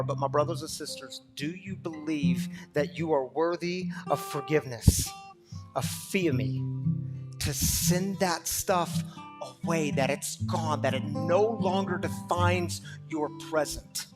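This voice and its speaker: Here a man with a slightly high voice preaches to a recovery gathering as a pastor. Impassioned and repetitive, he swings from loud passages to hushed ones.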